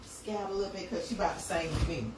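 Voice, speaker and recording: Speaking quickly in a lowish voice, a Georgia Southern woman livestreams from her kitchen while making breakfast, talking to viewers and repeating herself in casual chat. The home stream audio is noisy.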